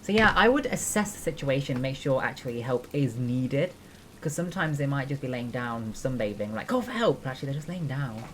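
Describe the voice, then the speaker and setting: Animated and a little fast, this young woman speaks in a rumbling low voice, with a slight hiss or hum in the recording. She streams games and studies nursing, and here she chats casually while explaining each step, peppering it with fillers and chatty tangents.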